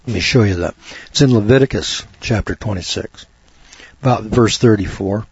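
Fervent male preacher, husky, on a dull dry lo-fi tape. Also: normal speed, no echo. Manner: fervent, emphatic, repeats words, rising to a high excited pitch. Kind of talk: sermon.

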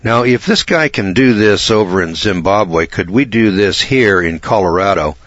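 A man with a very low voice talks on the radio in a folksy, rambling way, pressing his points hard and often clearing his throat. He is from America. The recording is dry and dull, like an old lo-fi broadcast. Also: animated, normal speed, fairly bright tone, no room sound. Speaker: radio talk show host. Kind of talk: talk radio monologue.

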